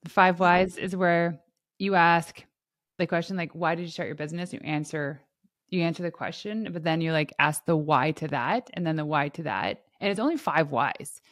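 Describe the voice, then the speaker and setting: A woman hosting a podcast in casual interview chat, animated and laughing often as she acts out what others said. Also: low voice, moderate pace, no echo, studio quality. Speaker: podcast host.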